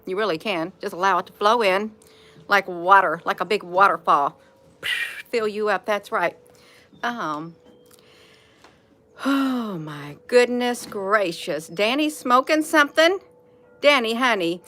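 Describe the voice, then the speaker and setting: Folksy woman, livestream host, crisp bright voice, warmly coaxing chat. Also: mid-range voice, a little slow, soft background music. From Indiana, USA. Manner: folksy, encouraging, addresses viewers as honey. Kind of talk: casual morning livestream chat.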